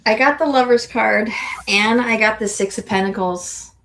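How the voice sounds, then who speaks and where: A woman's voice: on the high side, moderate pace, fairly bright tone. A woman giving a casual tarot reading on a live stream, hesitant and searching for words, with ums and restarts. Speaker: tarot reader, guest co-host.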